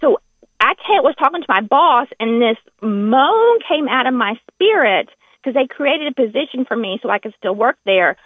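A Southern woman calls in to a radio show, heartfelt and halting, often restarting her sentences. Her slightly high voice comes through a tinny, dry phone line. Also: very animated, no room sound. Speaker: radio caller.

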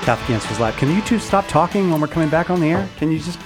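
A man's voice: fairly high pitch, animated, very fast, over loud music. A man hosting a call-in radio talk show, teasing his guests and laughing easily. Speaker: radio host.

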